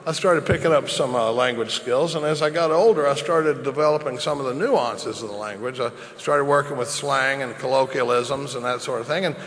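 A man's voice: mid-range voice, fairly quick, few pauses, a bit bright, close to an everyday voice. A man voicing a boastful talking hound dog in a joke, in an easy, chatty tone, with echoey hall reverb. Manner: chatty, self-important bragging.

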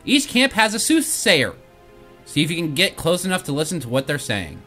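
A man's voice: on the high side, huge pitch swings, normal speed, sharp tone, faint music behind. A man hosting a game let's play, reading quest text aloud and joking about himself. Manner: playful, jokey, laughs at himself. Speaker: host.

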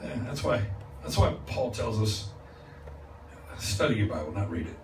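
A man preaching a revival sermon as a guest speaker, moving from calm teaching to loud, laughing exclamations. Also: fairly low pitch, normal speed. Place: church sanctuary. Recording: echoey church, distant mic, noisy. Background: congregation responding.

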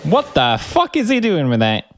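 A man's voice: a little high, huge pitch swings, moderate pace, a little hiss or hum. A man streaming his reaction to a film, joking and swearing through a casual running commentary, with film music playing behind him. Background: film music and sounds.

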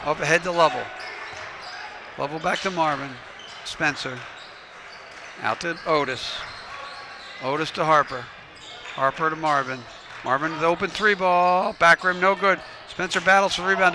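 A play-by-play commentator calls a local high school basketball game from the gym, his voice a bit higher than most. He rapidly narrates passes and shots and slips in coaching tips, while the crowd and bouncing balls create loud, noisy ambience beneath him.

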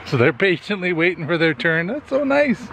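Man, slightly higher voice, chatty vlog host at the barn. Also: sing-song, normal speed, gravelly, a bit bright, slight background noise. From Canada. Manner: chatty, explains as he goes. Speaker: vlogger. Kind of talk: casual vlog talk. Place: at a horse barn.

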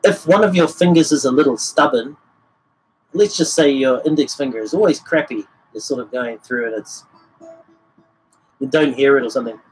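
A guitar teacher gives a casual livestream lesson, explaining technique and singing rhythms as syllables. His voice is mid-range at a normal pace, with guitar playing behind it on a low-quality recording.

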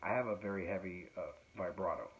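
Low-voiced man rambling casually, lo-fi. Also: steady tone, fast talker. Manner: rambling, joking, lots of fillers and laughs. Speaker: musician and podcast host. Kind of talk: casual chat. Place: home. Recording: dull lo-fi sound with faint noise.

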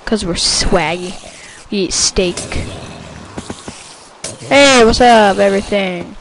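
A woman giving casual commentary while playing a video game, excitable and quick to shout at things on screen. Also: mid-range voice, background noise. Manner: excitable, bursts into yelling at the game. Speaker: gameplay commentator.

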